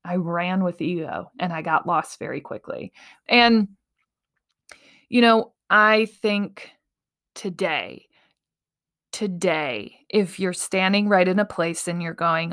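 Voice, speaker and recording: Woman, 30s, podcast host; earnest, animated solo talk, laughs often, mid-pitched voice. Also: slow.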